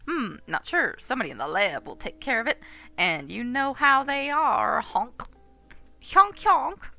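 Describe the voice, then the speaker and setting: Brief: woman voicing a cheerful goose cop, bright, gravelly edge, honks often. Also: a little high, big pitch swings, a little slow, soft background music, voice pushed up, full character voice. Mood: chipper. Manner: chipper and honking.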